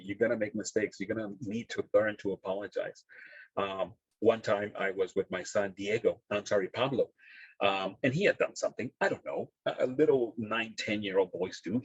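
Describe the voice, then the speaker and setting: A man presenting a parenting talk over a video call, with a lowish, slightly husky voice. He speaks earnestly, stopping and restarting with plenty of fillers. The audio is dull and dry. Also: no room sound. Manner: earnest, halting with many fillers. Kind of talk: workshop talk.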